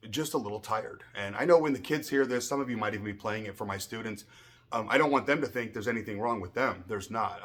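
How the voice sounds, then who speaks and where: A middle-aged man who owns a martial arts school, giving a casual personal update in a rambling, emotional way, often clearing his throat and restarting. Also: medium pitch, a bit bright.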